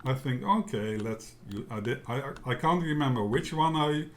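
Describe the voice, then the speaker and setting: A man teaching a software tutorial in a casual, halting way, often checking in with "yeah?". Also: mid-range voice, lively intonation. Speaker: tutorial instructor. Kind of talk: casual screen-share tutorial.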